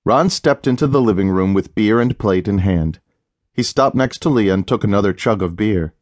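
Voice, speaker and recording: Low-voiced male audiobook narrator. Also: moderate pace, dry recording, clean studio sound. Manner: steady, even storytelling. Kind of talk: scripted narration.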